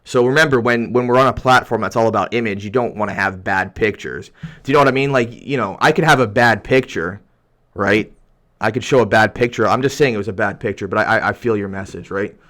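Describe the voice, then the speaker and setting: A man's voice: lowish voice, brisk, a bit bright. Angry young man ranting on a livestream. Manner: heated, rambling with restarts. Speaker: YouTuber reading chat.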